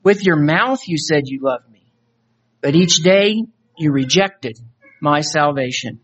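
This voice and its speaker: A man voicing Jesus as a grieving but firm judge, speaking softly and solemnly. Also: on the high side, slow pace, husky, lo-fi sound, heavily acted. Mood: sorrowful firm. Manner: soft, sorrowful and solemn.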